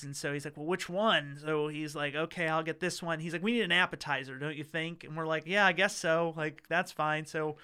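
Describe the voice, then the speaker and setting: In a relaxed interview, a man tells casual stories about law school in a fairly high, bright, smooth and crisp voice. He is chatty, full of fillers, stops and restarts, and slips into short acted-out quotes.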